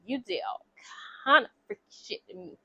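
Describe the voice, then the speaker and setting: A woman's voice: fairly high pitch, normal speed, bright, forceful tone, slightly rough, no echo. A woman voicing an obsessive, brazen woman who taunts a married man. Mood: taunting.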